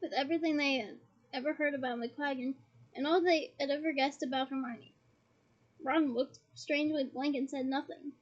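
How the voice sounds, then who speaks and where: High-voiced woman reading a novel aloud. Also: steady tone, normal speed. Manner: playful, giggly asides to listeners. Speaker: audiobook reader. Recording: dull lo-fi recording.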